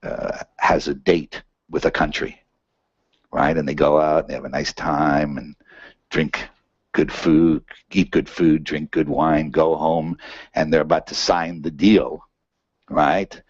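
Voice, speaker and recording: A man speaks in a very deep, husky voice, lecturing to a seminar room in a loose conversational way. He fills pauses with "uh" and keeps checking in with "right?". The recording is muffled and dry. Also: level tone, dry recording. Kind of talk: academic lecture.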